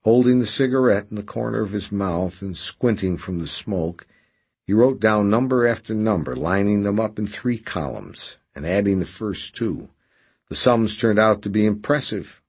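A man narrating a novel as an audiobook, steady and unhurried. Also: fairly low pitch, breathy edge.

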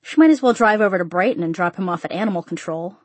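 A woman narrating a short story in an even, measured audiobook reading. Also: on the low side, husky, dry recording.

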